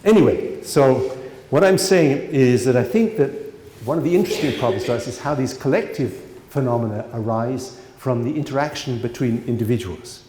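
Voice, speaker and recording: A man's voice: mid-range voice, moderate pace, dark tone. Man lecturing in an echoey hall. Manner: conversational, digressive, frequent asides and fillers. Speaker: economics professor giving a lecture. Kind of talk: conference lecture. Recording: roomy lecture hall reverb.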